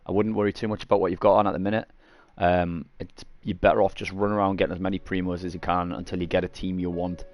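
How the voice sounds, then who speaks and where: A man's voice: low-pitched, little pitch movement, fast, few pauses, darkish tone. A man casually walking viewers through a game, rambling and correcting himself, with a cough that keeps interrupting. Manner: rambling, self-correcting, frequent coughs and throat clearing. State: coughing after eating garlic. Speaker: gaming streamer. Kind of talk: casual gameplay tutorial.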